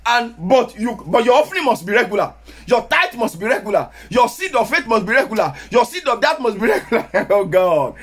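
A man with a Nigerian Yoruba accent, preaching a sermon as pastor, sometimes rising to shouts. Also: very high voice, very animated, a little fast, breathy edge, soft background music.

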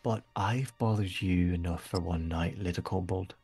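A man's voice: deep voice, steady tone, moderate pace, a little mellow, slightly rough, soft background music. A man narrating a tabletop game as game master, casual, with lots of fillers and laughter.

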